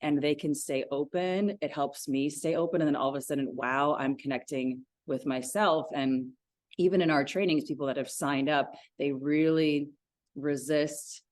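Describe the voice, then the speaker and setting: A woman in her forties, a yoga teacher, talking about her practice in a casual podcast interview, enthusiastic and quick to laugh. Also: sits low, steady tone, darkish tone, no room sound, clean studio sound. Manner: enthusiastic, laughs easily, thoughtful.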